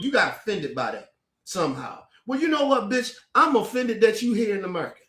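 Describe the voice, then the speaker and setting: A man with a strikingly high voice rants angrily to the camera, profane and confrontational, tripping over and repeating his own words. The sound bounces around an echoey room. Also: big pitch swings, normal speed, fairly bright tone. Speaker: commentator. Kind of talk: angry profane rant to camera.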